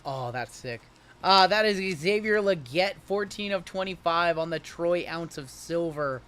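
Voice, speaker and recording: A high, bright-voiced man runs a livestream card break, calling out every pull as it comes. He keeps the patter jokey and upbeat between cards. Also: unhurried, smooth. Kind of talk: livestream card-opening commentary.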